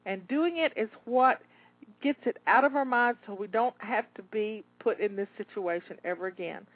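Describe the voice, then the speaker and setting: A woman's voice: medium pitch, normal speed. A woman, cheering listeners through a timed cleaning session, a little out of breath. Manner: upbeat, encouraging, talks listener through tasks. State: slightly out of breath. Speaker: home organizing coach. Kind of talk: live timed cleaning coaching. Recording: tinny phone-like line, dry.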